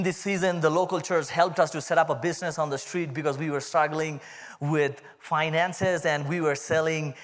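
A man with an Indian accent giving a humorous, animated testimony sermon to a church congregation. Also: fairly high pitch, moderate pace. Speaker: guest speaker giving testimony.

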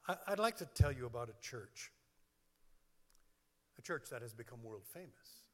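A man's voice: mid-range voice, expressive, normal speed. A man preaching a sermon as pastor, stressing long lists of words one at a time. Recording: long hall reverb.

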